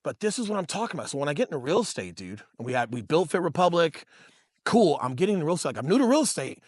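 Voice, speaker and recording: A man's voice: fairly high pitch, big pitch swings, racing, breathy edge, no echo. A man in his thirties co-hosting a podcast, telling stories in a casual, profane way, calling listeners bro and dude. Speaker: podcast co-host and real estate agent. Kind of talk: casual storytelling chat.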